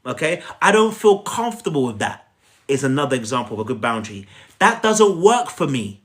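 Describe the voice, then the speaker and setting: A man's voice: medium pitch, sing-song, fairly quick, a bit bright. Emphatic man coaching on a live stream. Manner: emphatic, repetitive, preachy, asks the audience to repeat after him. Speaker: relationship coach.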